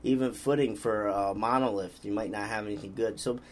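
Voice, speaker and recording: A man's voice: lowish voice, fairly even intonation, brisk, a crowd in the background. A man hosting a casual podcast, rambling easily and reading out viewer comments. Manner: laid-back, rambling, reads out viewer comments. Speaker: podcast host. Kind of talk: casual chat.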